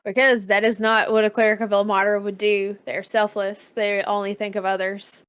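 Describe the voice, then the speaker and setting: A woman's voice: mid-range voice, flat delivery, normal speed, a bit bright, clear, resonant tone. A woman playing a tabletop game, declaring her cleric's actions in casual talk. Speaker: player.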